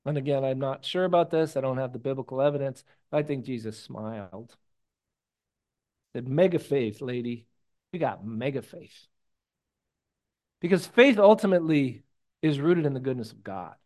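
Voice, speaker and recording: A man preaching a sermon in a conversational, animated way, with jokey personal stories, hushed asides and sudden loud bursts. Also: medium pitch, fairly quick. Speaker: pastor.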